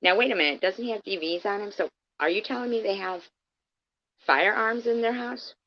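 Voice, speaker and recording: Speaking quickly with a medium-pitched voice, a woman unleashes a heated, profane rant on her livestream, confronting critics head-on and addressing them directly. The audio is dull lo-fi stream sound.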